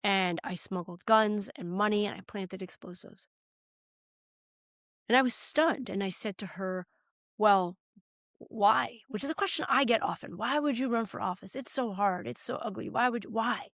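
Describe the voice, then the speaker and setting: This woman from the United States, a political candidate, guests on a podcast telling a moving personal story, sincere and occasionally choking up. She speaks at normal speed in a medium-pitched, slightly bright voice, recorded in the studio without echo.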